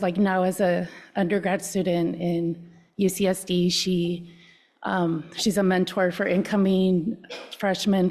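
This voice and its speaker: A woman's voice: lowish voice, creaky, darkish tone. A woman, a parent of three, giving a loose, conversational public comment, with many ums and likes.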